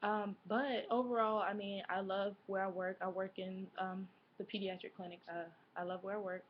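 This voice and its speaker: A woman's voice: mid-range voice, flat delivery, normal speed, lo-fi sound, slight background noise. A woman in her twenties chatting casually to camera as a vlogger, rambling with lots of fillers and self-corrections. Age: 20s.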